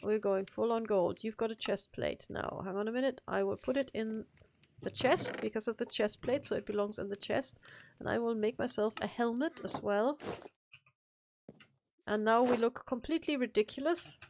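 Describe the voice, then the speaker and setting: A woman's voice: a little high, normal speed, a little mellow, a little hiss or hum. A woman co-hosting a gaming live stream, chatting casually and telling rambling, playful stories.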